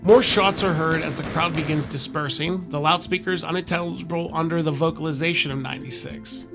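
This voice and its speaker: Man, podcast co-host, casual file reading, slightly high voice, music playing behind. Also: steady tone, brisk. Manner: casual, swears, laughs between read passages. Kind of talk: reading a horror file aloud, casual chat.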